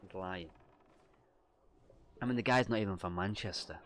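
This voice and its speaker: A man's voice: lowish voice, brisk, pauses often, a bit bright, a little hiss or hum. A man, chatting and teasing playfully on a casual livestream. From northern England. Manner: teasing, joking banter. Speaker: streamer.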